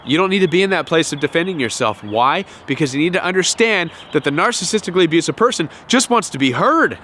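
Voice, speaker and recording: A man hosting a self-help talk to camera, animated, often acting out quoted voices and repeating words. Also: a little high, quick pace, slight background noise. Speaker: self-help video host.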